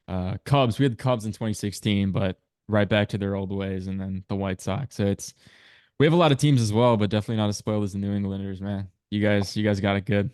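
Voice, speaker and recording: A man's voice: fairly low pitch, darkish tone, smooth, no room sound, clean studio sound. A young man in his twenties with a Chicago accent, chatting casually as a hockey player guest on a podcast, full of "I mean" and "dude.". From Chicago area. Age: 20s. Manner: laid-back, fillers like "I mean" and "dude".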